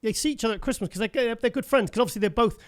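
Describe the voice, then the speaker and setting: A man's voice: very high-pitched, racing. A British man hosting a podcast in casual chat, rambling and restarting his stories, often calling his guest mate. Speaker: podcast host.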